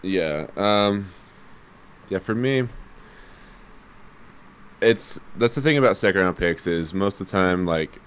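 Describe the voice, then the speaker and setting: Deep, smooth-voiced man talking basketball. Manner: measured, explanatory, hedging with fillers. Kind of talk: casual sports chat.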